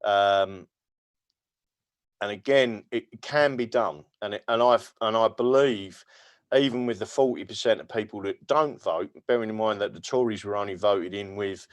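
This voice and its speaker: A man's voice: lowish voice, moderate pace, dry recording. English male livestream host, rambling joker, stumbles over words, casual chat. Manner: rambling and jokey, stammering with many fillers.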